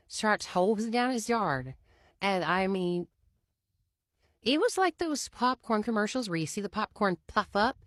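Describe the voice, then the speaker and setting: A woman's voice: lowish voice, no echo, studio quality. A woman telling a story in a casual, chatty way, often saying "you know".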